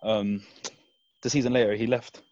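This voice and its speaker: A man's voice: fairly low pitch, flat delivery, normal speed, darkish tone, no echo, highs cut off. A young man, chatting candidly and reflectively with fillers on a podcast. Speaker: podcast guest fan. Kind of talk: casual chat.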